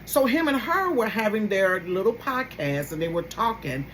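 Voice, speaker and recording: Animated woman gossiping with her viewers. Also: moderate pace, slight background noise, poor audio. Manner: animated, addresses viewers directly; exclaims with sudden high bursts. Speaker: host. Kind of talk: casual gossip commentary.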